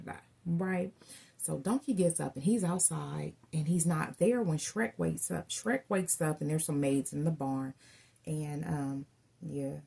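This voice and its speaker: A woman gives a casual tarot reading in a low, gravelly voice with a husky edge. She chats and tells stories in a loose, friendly way and keeps calling her listeners y'all. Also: mellow. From Southern United States. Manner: chatty storytelling, addresses viewers as y'all. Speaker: tarot reader.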